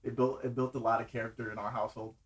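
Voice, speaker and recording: A man co-hosting a casual podcast chat, animated, laughing often and talking in slang. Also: mid-range voice, very fast. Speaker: podcast co-host.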